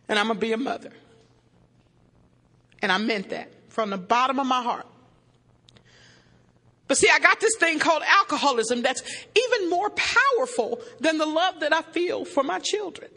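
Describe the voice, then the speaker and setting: Her high-pitched testimony rings out over a live sound system in an echoing hall, where this recovery-meeting speaker addresses the audience. She is emphatic and joking, at times shouting, between her more earnest passages.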